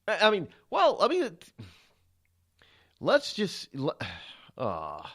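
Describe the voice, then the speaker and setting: A male talk show host giving political commentary, halting often with restarts and sighs. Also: sits high, huge pitch swings, fairly bright tone.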